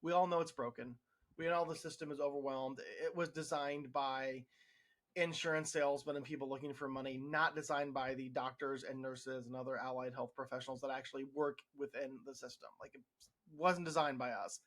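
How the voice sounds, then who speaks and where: A man's voice: medium pitch, fairly even intonation, brisk, fairly bright tone. A man who works in healthcare, giving a frustrated, sarcastic opinion monologue with frequent restarts. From United States. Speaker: healthcare worker podcast host.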